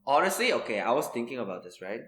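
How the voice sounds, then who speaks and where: A man's voice: mid-range voice, sing-song, quick pace, fairly bright tone. A young man in his twenties co-hosting a podcast, chatting casually with lots of fillers, restarts and easy laughter. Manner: rambling, filler-heavy, laughs easily. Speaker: podcast co-host. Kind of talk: casual chat. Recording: echoey room.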